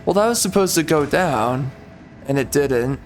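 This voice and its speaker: Young man, gamer commentary, frustrated, stammering, slightly high pitch. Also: animated, normal speed, soft background music. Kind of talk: casual game commentary.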